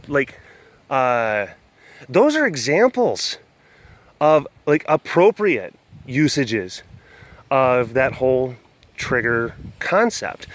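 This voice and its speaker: Rambling man with a higher voice. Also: fairly bright tone, slight background noise, low-quality recording. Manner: rambling, heavy on fillers, self-mocking. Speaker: vlog host. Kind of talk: casual rambling webcast.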